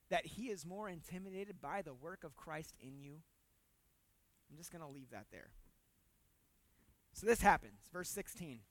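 A preacher talks to the congregation in a loose, conversational way, cracking jokes and doubling up words to drive a point home. The delivery jumps between loud emphasis and hushed, confiding asides. The voice sits at a middle pitch and sounds close and dry. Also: no echo. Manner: casual and humorous, repeats words when emphasizing. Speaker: pastor. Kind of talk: conversational sermon.

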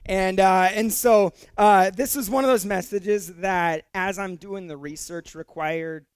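A man's voice: high-pitched, steady tone, a little slow, smooth, no echo. A middle-aged male pastor preaching a sermon in a conversational way, with fillers and repeated words, rising to emphatic peaks.

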